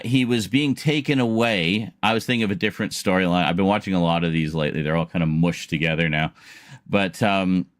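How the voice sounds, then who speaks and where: Deep-voiced man, rambling casual chat. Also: a bit bright, no echo, clean studio sound. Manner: rambling storytelling with frequent laughs and restarts. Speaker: streamer.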